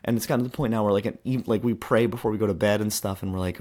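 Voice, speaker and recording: A man's voice: lowish voice, fairly even intonation, rapid-fire, hardly any pauses, darkish tone. A man in his thirties hosting a podcast, telling a story in a casual, rambling way with lots of fillers and restarts. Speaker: podcast host. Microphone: handheld microphone.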